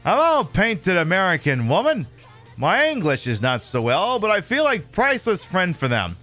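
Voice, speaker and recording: A man voicing an eager, awkward young man writing to an American woman, earnest and halting. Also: high-pitched, huge pitch swings, sharp tone, faint music behind, pitched above the performer's own voice, heavily acted.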